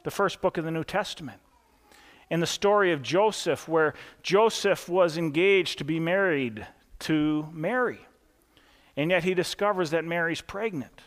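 A male pastor in his thirties gives an evening sermon in a relaxed, folksy way, full of "you know" and "uh." His voice is high and bright for a man, and it rings out through a long hall reverb. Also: measured pace. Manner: folksy storytelling with fillers.

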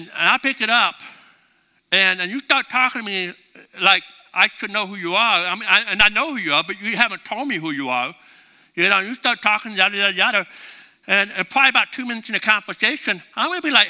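A middle-aged male pastor preaching a conversational sermon, acting out little dialogues as he goes. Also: high voice. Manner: conversational, animated, acts out both sides of dialogues.

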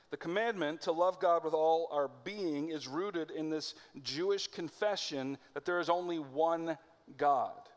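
Male pastor, higher-pitched voice, casual preaching with slow emphatic phrases, long hall echo. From United States. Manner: conversational preaching, slows and stresses key phrases. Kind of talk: sermon.

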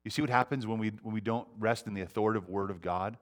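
Earnest preacher with hushed phrase endings. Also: male voice, fairly low pitch, racing. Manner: earnest, often dropping to a quiet hush at phrase ends; repeats words as he restarts. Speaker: pastor. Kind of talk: sermon.

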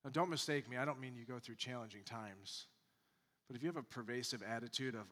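A male pastor delivering a sermon, moving between loud emphatic points and quiet, mocking asides. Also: medium pitch, fairly quick, big-room sound.

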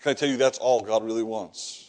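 A man's voice: on the low side, fairly even intonation, brisk, darkish tone. A man preaching a sermon, reading scripture and acting out the prophet's prayers, repeating words as he builds each point. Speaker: pastor.

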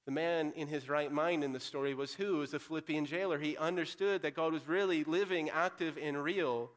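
Pastor, male, higher-pitched voice, earnest and direct sermon delivery, rises and falls in volume. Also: a little fast. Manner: earnest, direct, swings between loud urging and quiet appeal.

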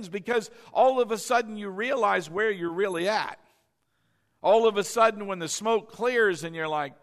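Bright-voiced male pastor preaching in a hall. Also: high voice. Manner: call-and-response preaching, rising to loud emphatic peaks then dropping soft. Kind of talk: sermon. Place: church sanctuary.

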